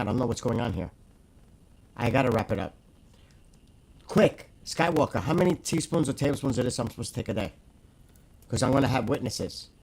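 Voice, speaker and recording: A man in casual live-stream chat, blunt and excitable, swearing freely as he talks to the host and viewers. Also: medium pitch, vocal fry, slightly rough, rough recording.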